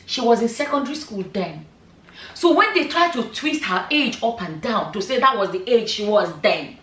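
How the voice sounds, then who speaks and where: A woman's voice: a little high, lively intonation, normal speed, fairly bright tone. Mid-aged woman vlogging in an echoey room. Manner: emphatic, rhetorical questions, many "you know" asides. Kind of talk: casual commentary vlog. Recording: echoey room, voice a bit far from the mic.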